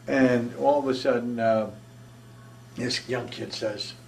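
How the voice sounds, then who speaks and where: A man's voice: mid-range voice, fairly even intonation, takes it slowly, creaky, a little mellow, a little hiss or hum. An older man, a military veteran, telling his war memories in a rambling conversational way with many restarts. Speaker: veteran interviewee. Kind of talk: oral history storytelling. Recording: voice from a distance from the mic.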